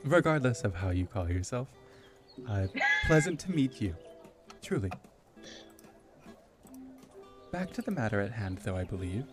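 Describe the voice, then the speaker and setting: A courteous queen addresses her guests in formal, gracious sentences, voiced by a man running the game. The pitch sits a little above his normal voice. The delivery stays measured and polite. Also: big pitch swings, over music. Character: courteous, regal middle-aged queen.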